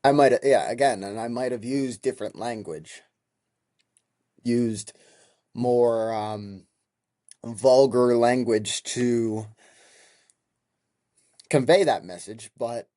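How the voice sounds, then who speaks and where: A podcast host in his twenties delivers a casual monologue, retelling a heated, profane story with animation. He speaks slowly at a medium pitch and pauses often, and the recording is studio quality with no echo.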